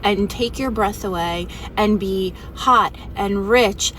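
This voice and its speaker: A woman's voice: medium pitch, takes it slowly, fairly bright tone, recorded from a distance, slight background noise, poor audio. A woman gives a blunt, scornful opinion rant straight to the camera.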